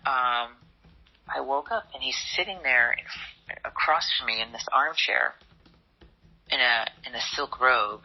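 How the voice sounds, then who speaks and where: A woman telling her own story in an interview, speaking softly and haltingly and often dropping to a hushed near-whisper. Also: a bass voice, husky, lo-fi sound. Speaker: interview guest, model.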